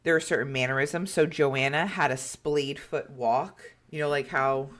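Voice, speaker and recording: A woman's voice: a bass voice, fairly even intonation, moderate pace, fairly bright tone. A woman co-hosting a podcast, telling a story in a chatty way with lots of fillers and acted-out quotes. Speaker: podcast co-host. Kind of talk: casual storytelling chat.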